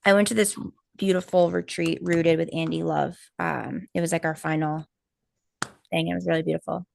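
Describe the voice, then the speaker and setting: A woman co-hosting a live stream, telling a personal story in casual chat, animated and full of fillers and quoted asides. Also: deep voice, moderate pace, gravelly, slight background noise. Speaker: co-host of a spiritual healing live stream.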